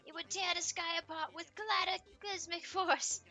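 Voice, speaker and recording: A woman's voice: very high-pitched, fairly even intonation, normal speed, bright, forceful tone, voice pushed up. A woman voicing a dramatic video game villager who declaims warnings in a theatrical, ominous way. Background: game music.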